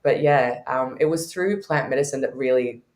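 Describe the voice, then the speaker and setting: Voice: medium pitch, moderate pace, a little mellow, echoey room. A podcast guest who teaches intuition, telling candid stories with frequent laughter in a conversational way.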